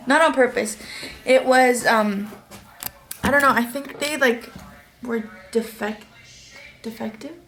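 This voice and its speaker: A woman's voice: a little high, slow pace, long pauses, a bit bright. A young woman vlogging casually to a handheld camera, chatty and joking as she walks through her day. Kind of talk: casual vlog chat. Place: outdoors by a backyard fire, then at home.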